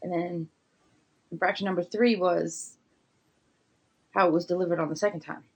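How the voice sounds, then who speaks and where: A woman from a big city in casual podcast chat, telling stories with lively acted-out quotes. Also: lowish voice, moderate pace, slightly rough, dull audio. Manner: lively storyteller acting out voices.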